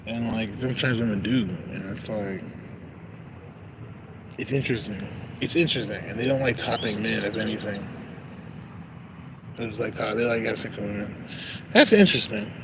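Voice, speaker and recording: A man's voice: fairly low pitch, fairly even intonation, normal speed, pauses often, background noise. A young man talking in a casual, rambling monologue, slangy and profane, laughing often. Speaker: vlogger.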